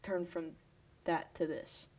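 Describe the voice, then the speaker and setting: A young man co-hosting a casual podcast chat, hesitant and full of ums and pauses. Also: a little high, flat delivery, a little mellow. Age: young adult. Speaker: podcast co-host.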